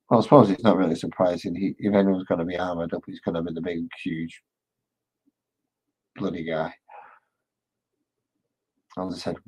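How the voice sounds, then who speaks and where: A man's voice: low-pitched, a little mellow, breathy edge, poor audio. A man casually chatting with his live-stream viewers while he paints miniatures, rambling and joking along the way.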